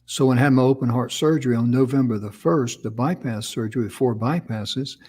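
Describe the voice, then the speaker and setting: A man's voice: mid-range voice, a little fast, darkish tone, breathy edge. Folksy man telling a rambling story. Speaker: co-host. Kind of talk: casual talk show chat.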